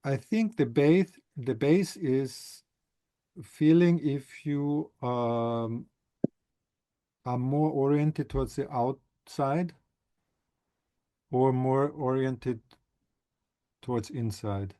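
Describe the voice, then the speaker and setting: A man who teaches somatic movement, answering a question in a halting, thoughtful way with frequent restarts. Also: mid-range voice, warm tone. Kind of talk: explanatory talk answering a question.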